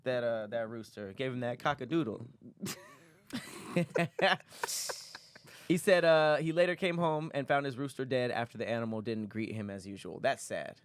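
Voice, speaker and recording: A man's voice: mid-range voice, normal speed, slight background noise. A man hosting a comedic podcast, chatting in a laid-back, joking way and laughing often. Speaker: podcast host. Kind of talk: casual comedic chat.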